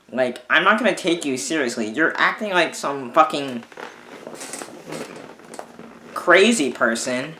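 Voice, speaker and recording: Bright-voiced man ranting in an echoey room. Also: medium pitch. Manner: swears a lot, exasperated, rambling with restarts. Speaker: vlogger. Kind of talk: ranting casual monologue.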